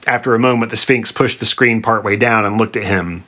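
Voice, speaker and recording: A man narrating a comic story in a dry, deadpan manner. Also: fairly low pitch, brisk.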